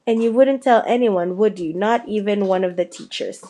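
A woman's voice: medium pitch, normal speed, dark tone, close to an everyday voice. Harry, a woman reading as an anxious schoolboy. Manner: anxious, direct.

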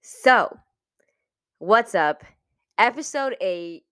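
A woman's voice: mid-range voice, animated, extremely slow, fairly bright tone, clean tone, dry recording. Giggly 21-year-old woman, dry sound. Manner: chatty, giggly, reflective. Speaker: podcast host. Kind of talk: casual solo podcast talk.

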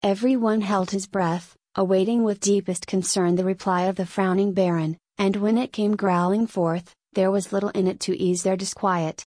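A woman reads a period story aloud in a steady, even narrator's voice. Her voice sits at an ordinary middle pitch. The recording is dry, with no room echo. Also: normal speed, few pauses. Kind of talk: audiobook narration.

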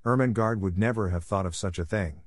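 A man voicing a stern, furious schoolmistress who scolds in sharp, cutting words. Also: fairly low pitch, a little fast, no room sound, studio quality, lightly acted. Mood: scolding.

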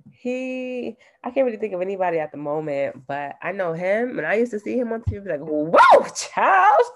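A woman's voice: medium pitch, animated, a little fast, few pauses, darkish tone. A woman co-hosting a podcast in casual chat, laid-back and slangy, laughing often. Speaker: podcast co-host.

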